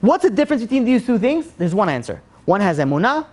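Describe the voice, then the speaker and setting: A man, a rabbi, giving a class on faith, telling a story expressively and swinging from loud to soft. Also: high-pitched, sing-song, fast talker.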